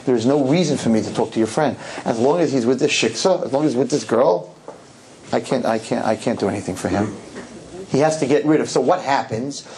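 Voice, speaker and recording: A man's voice: mid-range voice, a little fast, a little mellow, slight background noise, low-quality recording. A man speaking as a rabbi, telling a story to a live audience and acting out both sides of the conversation in shifting voices.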